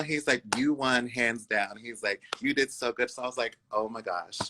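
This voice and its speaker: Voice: mid-range voice, normal speed, background noise. A Two-Spirit guest telling a story in a casual interview, acting out quoted voices with lots of "I was like". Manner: animated, acts out quoted voices; uses many fillers and "I was like". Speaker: guest, incoming co-host.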